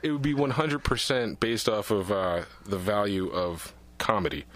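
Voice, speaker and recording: A man's voice: fairly low pitch, moderate pace, a bit bright, a little hiss or hum. A man co-hosting a podcast in casual chat, joking and laughing often, recorded in a small shed. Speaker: podcast co-host.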